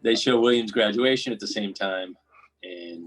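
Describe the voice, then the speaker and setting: A man hosting a podcast, recapping a film in casual chat, rambling and acting out quotes in quick bursts. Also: sits low, steady tone, fairly bright tone, breathy edge, rough recording. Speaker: podcast host.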